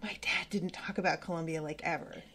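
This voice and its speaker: A woman's voice: deep voice, steady tone, fairly quick, fairly bright tone, a little hiss or hum. A woman hosting a casual book-club podcast who talks earnestly and stumbles and restarts when moved. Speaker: podcast host.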